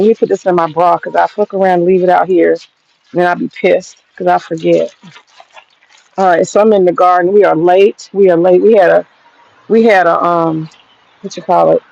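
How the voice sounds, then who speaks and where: A woman's voice: lowish voice, fairly even intonation, normal speed, creaky, long pauses, darkish tone, muffled recording. A woman hosting a casual livestream from her home garden, chatty and profane and laughing often. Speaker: livestream host.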